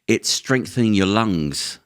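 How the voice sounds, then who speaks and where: A man's voice: on the low side, expressive, takes it slowly, smooth. A man hosting a podcast, rambling through explanations with many restarts in casual chat. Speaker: podcast host.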